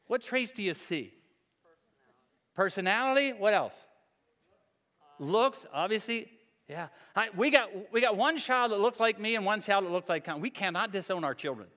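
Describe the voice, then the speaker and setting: A man in his sixties preaching a sermon, telling stories about himself in a relaxed, conversational way. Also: sits high. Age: 60s. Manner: conversational, self-deprecating storytelling. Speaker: pastor. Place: large church hall. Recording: long hall reverb.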